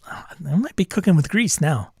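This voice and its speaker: A man's voice: fairly high pitch, expressive, moderate pace, creaky, dark tone, husky, no room sound, clean studio sound. A man hosting a tabletop game channel, narrating the game casually with wry, mumbled asides. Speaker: host.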